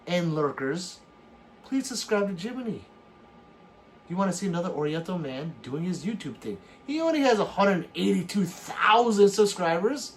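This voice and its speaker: A man hosting a casual late-night livestream, reading chat messages aloud and joking back with bursts of laughter. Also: high voice. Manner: animated, bursts into laughs and shouts.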